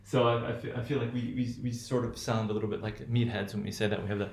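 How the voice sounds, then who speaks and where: A man's voice: medium pitch, a little fast. A man teaching English pronunciation in a loose lecture, thinking aloud with many fillers and repeated "right?" checks. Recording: echoey room.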